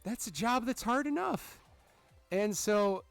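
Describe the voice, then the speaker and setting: A man in his thirties hosts a gaming channel, telling a parenting story over gameplay in a profane rant with exasperated reactions to the game. His high, creaky voice is expressive and slow, recorded with no echo and faint music behind.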